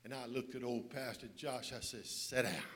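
A man preaching a sermon to a church, moving from hushed storytelling into shouted, sing-song preaching. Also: medium pitch, normal speed, background noise. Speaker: pastor. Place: church with congregation.

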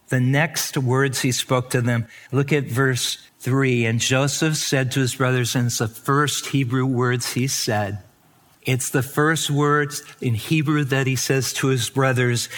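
A man preaching at an unhurried, measured pace, letting his words land one at a time. He acts out the quoted lines with sudden lifts in pitch and stretched words. Then he falls back to a hushed, heavy tone. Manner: slow, deliberate preaching with sudden soft drops. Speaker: pastor. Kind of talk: sermon.

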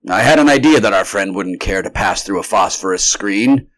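Brisk male doctor figure giving clipped orders, read by a man with a fairly low voice. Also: animated, a bit bright.

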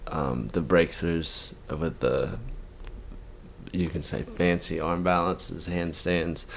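A man answering as a guest in a casual interview about his yoga practice, relaxed and joking. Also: low voice, takes it slowly, gravelly, slight background noise.

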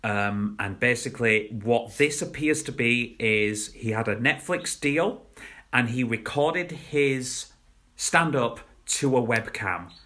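A man's voice: medium pitch, bright, forceful tone. A young man co-hosting a podcast, chatting casually and rambling about shows, laughing at his own jokes. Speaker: podcast co-host. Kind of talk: casual chat reviewing shows.

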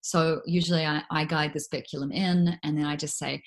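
A young woman speaks as an interview guest in a low voice. She talks frankly and reflectively, circling back on her words with fillers and restarts. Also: steady tone, fairly quick. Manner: frank, reflective, many fillers and self-corrections. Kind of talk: candid conversational interview.

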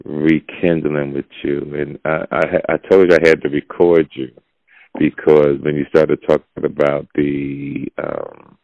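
Speaking at a measured pace in a level tone, a man hosting a podcast gives a casual but blunt, preachy opinion monologue in a low, gravelly voice. The audio is dull lo-fi with no room sound.

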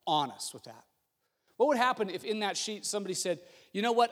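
Brief: middle-aged male pastor, lively storytelling sermon, fairly high voice, big reverberant church hall. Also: fast, breathy edge. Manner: storytelling, animated, acts out quotes. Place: church sanctuary. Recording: long reverb of a large hall.

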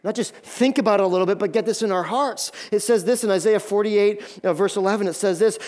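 High-voiced male pastor preaching animatedly. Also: quick pace, hardly any pauses. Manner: animated, repeats words when building emphasis. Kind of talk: sermon.

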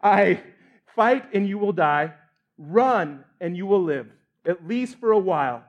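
A man playing a rousing Scottish rebel leader, delivering a forceful battle speech without any accent. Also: high voice, animated, a little slow, lo-fi sound. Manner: forceful, declaiming.

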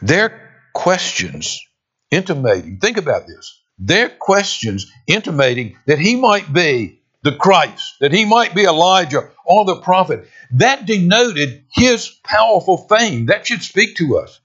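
A man preaching a sermon, expressive, with dramatic pauses and emphatic quoted lines. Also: high-pitched, slightly rough. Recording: dull lo-fi sound.

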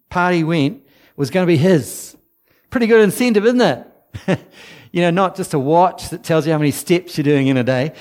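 A man giving an informal, chatty sermon, with laughing asides and a low voice for the quoted whispers. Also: darkish tone. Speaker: preacher.

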